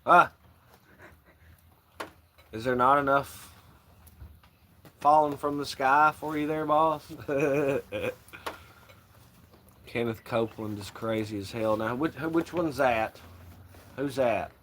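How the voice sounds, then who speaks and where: Slow-talking man on a livestream. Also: mid-range voice, fairly bright tone, a little hiss or hum. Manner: rambling, profane, laughs often. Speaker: livestream host. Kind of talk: casual livestream chat.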